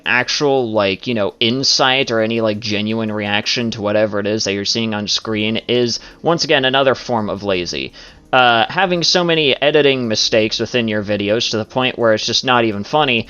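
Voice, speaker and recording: A man rants through a rambling commentary video as a YouTuber, swearing often and packing his speech with "like" and "you know." His medium-pitched voice is fairly quick, pushed, bright and smooth. The audio is dull and lo-fi.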